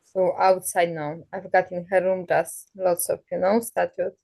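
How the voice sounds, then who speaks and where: A woman's voice: fairly low pitch, little pitch movement, a little slow, vocal fry, darkish tone. A woman answering a medium on a video call, with brief, hesitant replies in non-native English. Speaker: sitter.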